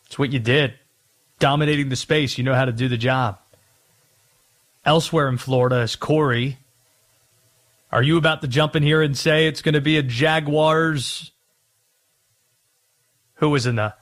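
A man hosting a sports talk radio show, ranting in a playful, animated way. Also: fairly high pitch, normal speed, long pauses.

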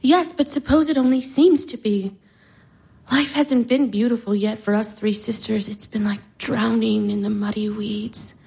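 A woman's voice: fairly high pitch, steady tone, normal speed, creaky, darkish tone, husky, poor audio. An actress in her twenties playing a weary, disillusioned young sister. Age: 20s. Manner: subdued, weary. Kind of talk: stage drama acting.

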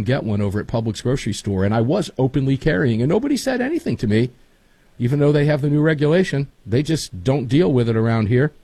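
A man's voice: mid-range voice, breathy edge, no echo. A man hosting a casual talk show, telling folksy stories with lots of energy. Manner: folksy, animated storytelling. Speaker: show host.

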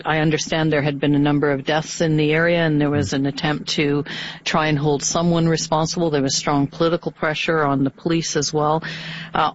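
Measured woman, halting. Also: sits low, muffled recording, slight background noise. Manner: measured, halting, with many fillers and restarts. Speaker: senator, guest. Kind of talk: interview answers.

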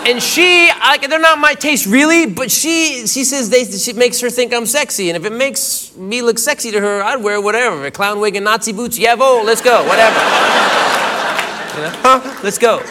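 A man doing a stand-up comedy routine, telling a story with acted-out quotes and bursts of shouting. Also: very high voice, moderate pace. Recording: live club with loud crowd noise.

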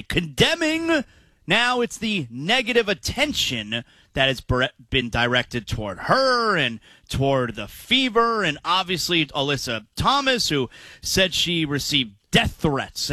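A man hosting a casual sports talk show, rambling with quick asides and restarts. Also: a little high, bright, forceful tone, dry recording. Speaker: host.

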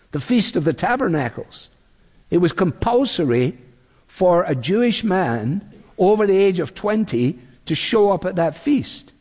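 A man preaching a sermon in a measured, deliberate way, acting out the quotes he reads. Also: fairly high pitch, darkish tone. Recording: long reverb of a large hall.

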